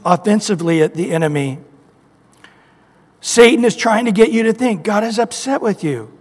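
A man pastor giving an emphatic sermon, repeating phrases and quoting scripture, in an echoey hall. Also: sits high. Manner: emphatic, repetitive preaching with scripture quotes. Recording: echoey hall with long reverb.

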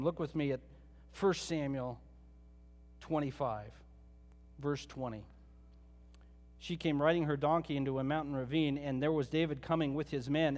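A pastor preaching a sermon, retelling a Bible story in a conversational way with joking asides. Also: male voice, a little high, a little mellow, long reverb tail.

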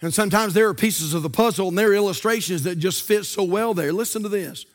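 Man, older, pastor, pulpit sermon, high-pitched, chanting preacher cadence, shouted peaks. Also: fast talker. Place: church pulpit.

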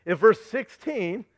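A man's voice: high-pitched, gravelly, husky, no room sound, clean studio sound. A male pastor preaching a fervent sermon, quoting scripture and losing his voice.

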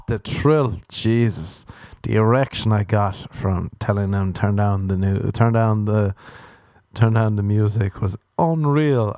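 A man's voice: on the low side, darkish tone, no room sound, studio quality. A man with an Irish accent delivering a sardonic, profane comic rant, mocking himself as he goes.

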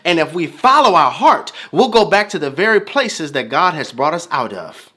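A male preacher with a high, bright voice that swings widely in pitch. He preaches with emphasis, repeating lines and building in waves. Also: big pitch swings, normal speed, slight background noise. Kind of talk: sermon.

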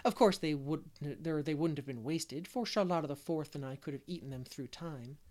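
A man reading aloud, voicing a lively middle-aged unmarried woman who loves make-believe and gushes over her guests. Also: a little high, moderate pace, close to an everyday voice. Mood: chatty. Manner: gushing, fond of make-believe. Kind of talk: storybook character reading.

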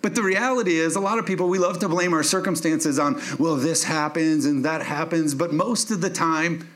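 A man's voice: fairly high pitch, moderate pace, a bit bright. A man, a pastor preaching a sermon to his church, moving from verse reading to emphatic, joking calls to the congregation.

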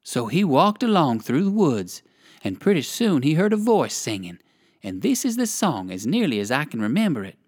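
Expressive, sing-song children's story reader. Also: mid-range voice, moderate pace, dry recording, clean studio sound. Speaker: narrator. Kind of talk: reading a children's story aloud.

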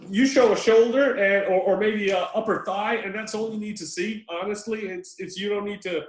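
A man on a casual film podcast, retelling a movie with animated storytelling and frequent laughs. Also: sits high, normal speed. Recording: echoey room.

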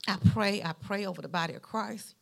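Preaching fairly quickly in a creaky voice, this woman carries a Southern drawl from Mount Vernon, Alabama, US. Her sermon is folksy and animated, aimed right at the congregation, with pitch that surges into emphatic peaks.

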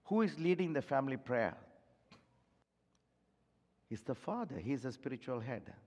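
A man's voice: mid-range voice, very animated, normal speed, a little mellow. A man preaching a sermon as pastor to his church, pleading with the congregation and repeating phrases for emphasis. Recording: long reverb of a large hall.

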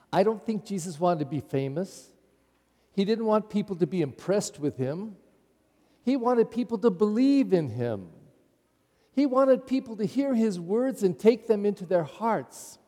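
An older male pastor delivers a homily in an easy, conversational way, dropping in wry asides. His voice sits high and mellow. Long church reverb trails every phrase. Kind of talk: sermon.

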